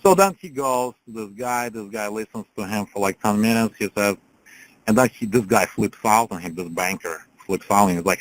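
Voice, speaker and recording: Rambling motivational coach, low-voiced man. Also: normal speed, low-quality recording. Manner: rambling, with lots of fillers and "right?"; acts out the quoted people with shifts in pitch and loudness. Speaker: business coach on a group call. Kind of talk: motivational storytelling on a call.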